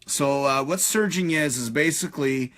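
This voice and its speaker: A man rants on a live stream, swearing freely and stumbling through fillers and restarts. His voice sits a little higher than most men's. The delivery is loose and animated. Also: normal speed. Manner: profane, animated ranting with frequent fillers. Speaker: host.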